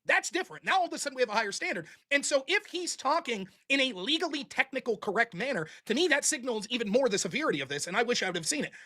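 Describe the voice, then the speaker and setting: A man's voice: very high-pitched, very animated, very fast, hardly any pauses, pushed and bright. A man in a played clip talking bluntly about politics, swearing freely and tagging points with "right?". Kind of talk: casual political debate talk.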